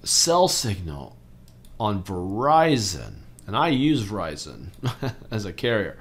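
A man in his forties hosting a trading channel, talking casually through stock charts and getting excitable over big moves. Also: fairly low pitch, takes it slowly. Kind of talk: casual chart walkthrough commentary.

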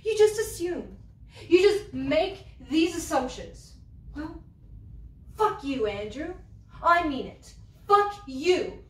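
An actress performing a stage monologue as a quick-tempered young former waitress, hurling profane, confrontational accusations. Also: female voice, high voice, very animated, reverberant, far from the mic. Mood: furious. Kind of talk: theatre monologue.

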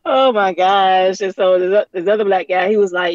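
A chatty woman on a podcast tells a neighborhood story and laughs often. She comes through a dull, dry call line, and her pitch sits in the middle. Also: moderate pace, hardly any pauses, dry recording. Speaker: podcast co-host. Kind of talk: casual storytelling.

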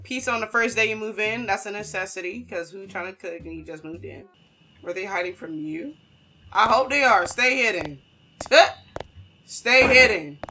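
Speaking at a normal speed in a mid-range voice, with a little hiss or hum in the audio, this woman runs a horror gaming channel. She teases the characters in slang and turns loud and jumpy at every scare, yelping and shouting.

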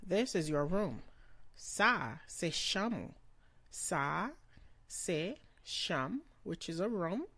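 A woman giving a slow vocabulary lesson, pronouncing each word carefully and repeating it. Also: fairly low pitch, very animated, a bit bright, slightly rough, dry recording. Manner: slow, careful pronunciation with repetitions. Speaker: language teacher.

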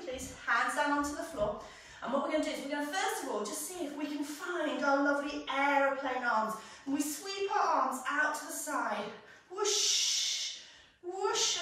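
Her voice is high and sharp, captured at a distance in an echoey space. She's a young British woman from England running a children's pilates class, coaching the kids along in a playful, sing-song, encouraging style.

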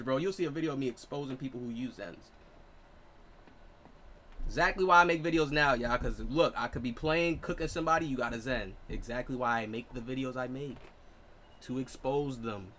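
A man in his late twenties giving excitable, profane live gameplay commentary as a streamer, trash-talking. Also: medium pitch, moderate pace, a little hiss or hum. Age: 20s. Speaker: gaming streamer.

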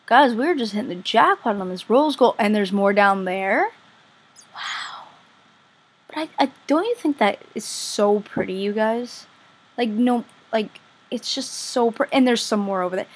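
This gaming vlogger, a woman with a husky, medium-pitched voice, casually narrates her own gameplay. She's chatty and easily excited, gushing over whatever she discovers.

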